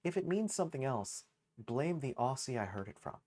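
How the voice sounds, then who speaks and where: A man's voice: medium pitch, very animated, normal speed, a little mellow, slightly rough. A man streaming a game live, chatting casually in a rambling, self-mocking way and swearing freely. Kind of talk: casual gaming livestream chatter.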